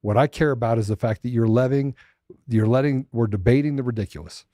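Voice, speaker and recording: A man's voice: medium pitch, fast talker, warm tone, no room sound, studio quality. A man hosting a political commentary show, ranting with mocking asides. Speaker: host.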